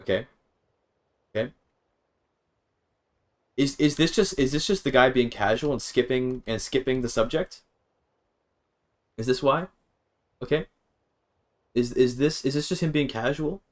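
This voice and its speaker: A man's voice: medium pitch, measured pace, pauses often. Rambling male streamer thinking aloud. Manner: rambling, self-interrupting, swears freely. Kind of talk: casual gaming stream chat.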